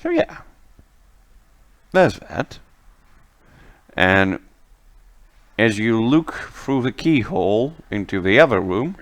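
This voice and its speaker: A man running a tabletop game as game master, narrating the scene in an unhurried way. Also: fairly low pitch. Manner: unhurried, lively narration with laughs.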